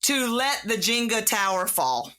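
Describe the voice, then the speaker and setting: Bright-voiced woman hosting a heartfelt chat. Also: mid-range voice, sing-song, measured pace. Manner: emphatic, heartfelt, acts out inner voices. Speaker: podcast host. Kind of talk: casual conversation.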